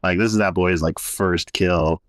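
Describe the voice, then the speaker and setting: A podcast guest reflecting earnestly on a heart-wrenching scene in casual chat. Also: male voice, sits low, steady tone, measured pace, dry recording, studio quality.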